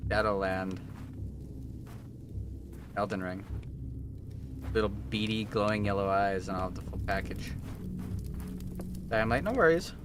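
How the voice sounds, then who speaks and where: Excitable, swearing male game streamer. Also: on the low side, background noise. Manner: excitable, profane, joking. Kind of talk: live gameplay commentary. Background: game music.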